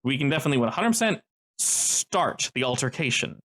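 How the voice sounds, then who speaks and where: Male game master, lively delivery, chatty rule explanations. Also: mid-range voice, fairly quick. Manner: lively, explanatory, many fillers. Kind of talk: running a tabletop game over voice chat.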